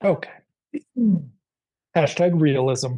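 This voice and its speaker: A woman co-hosting a podcast in relaxed, casual chat. She talks slowly in a low, mellow voice. She drops dry, wry asides and questions into the recap. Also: slightly rough. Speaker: podcast co-host.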